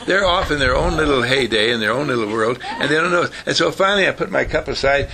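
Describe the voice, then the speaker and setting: Animated older man, gravelly storyteller. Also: mid-range voice, fast, noisy background. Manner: animated storyteller who acts out quoted voices. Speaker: speaker giving a talk. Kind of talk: folksy motivational talk.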